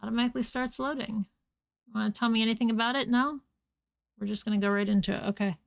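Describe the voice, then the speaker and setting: A woman's voice: fairly high pitch, fairly even intonation, quick pace, vocal fry. A woman streaming a game live, chatting casually and breaking off to scold and coo at her cats.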